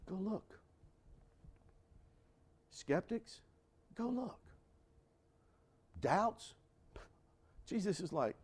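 Older male pastor, high-pitched and lively, slow deliberate sermon delivery with emphatic repetition. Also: breathy edge. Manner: dramatic shifts from shouting to hushed whispers, with laughs; preaching slowly with emphatic repetition.

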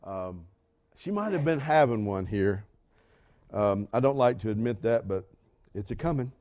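An older man preaching a sermon, repeating lines for emphasis and swinging from shouts down to hushed whispers. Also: on the low side, animated. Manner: dramatic shifts from shouting to hushed whispers, with laughs; preaching slowly with emphatic repetition. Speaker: pastor.

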